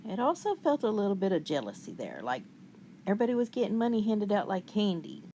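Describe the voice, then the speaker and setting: A woman hosting a commentary video, calmly and skeptically rebutting the clips she plays. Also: mid-range voice, fast talker, a little hiss or hum. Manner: calm, skeptical, wry rebuttals. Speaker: commentary channel host. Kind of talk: reaction commentary.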